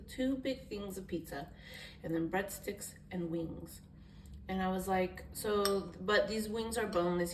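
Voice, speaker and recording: A woman's voice: mid-range voice, far from the mic. A young woman vlogger talks straight to camera in a loose, rambling storytime, candid and casually profane. Her voice sits a bit back from the phone mic, in a roomy, echoey space with a faint hiss underneath.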